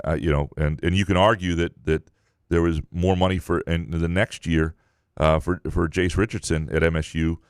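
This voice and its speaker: Deep-voiced man chatting about sports. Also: clean tone, dry recording, clean studio sound. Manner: rambling, lots of restarts and fillers. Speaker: podcast co-host. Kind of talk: casual sports talk.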